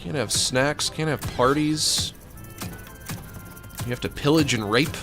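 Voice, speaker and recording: A man's voice: mid-range voice, measured pace, sharp tone. A man streaming a video game, joking around with crude, rambling asides as he plays. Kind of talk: casual gameplay commentary. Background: game music.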